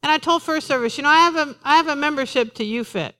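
A woman pastor preaching a sermon to her congregation in a lively, conversational way, joking with them as she goes. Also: high-pitched, fast talker. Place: church in front of a congregation.

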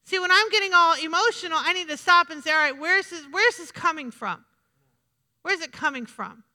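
Woman preacher, high and very bright voice, chatty repetitive sermon, long hall reverb. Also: expressive, brisk. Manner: conversational, repetitive, asks the congregation questions.

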